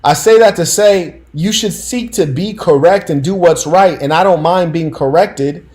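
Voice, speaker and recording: A man's voice: a little high, normal speed, a little mellow. A man hosting a casual commentary stream, telling stories in a slangy, emphatic way and talking straight to his audience.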